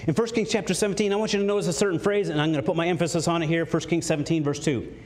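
A man preaching a sermon, emphatic and swinging from high, raised lines to low, quiet ones. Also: fairly even intonation, racing. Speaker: pastor.

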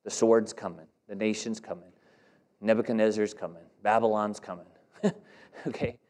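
A man's voice: lowish voice, fairly even intonation, moderate pace, darkish tone. Emphatic male preacher. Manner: emphatic preaching with direct questions to the congregation. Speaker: pastor. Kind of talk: sermon.

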